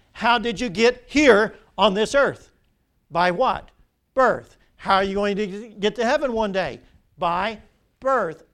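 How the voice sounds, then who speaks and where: An older man preaching a sermon as pastor, asking the congregation questions and pausing for their answers. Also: sits high. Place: church sanctuary.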